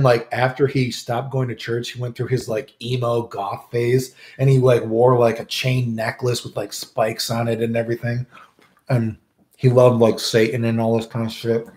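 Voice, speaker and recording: Man, crude casual storytelling, rambling, keeps adding "right?", mid-pitched, echoey room. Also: darkish tone. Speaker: storyteller host. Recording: roomy echo.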